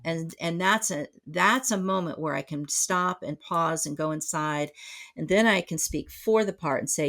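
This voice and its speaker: A woman's voice: deep voice, normal speed, a bit bright. A middle-aged woman speaking as a psychotherapist guest on a podcast, reflective and full of fillers and restarts. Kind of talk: conversational podcast interview.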